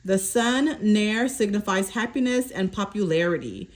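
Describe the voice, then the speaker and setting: A woman's voice: medium pitch, expressive, a little slow. A woman doing a collective fortune card reading, reading card meanings aloud, stumbling over words and checking in with "okay?". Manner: repeats "okay?" to check in with viewers. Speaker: tarot reader.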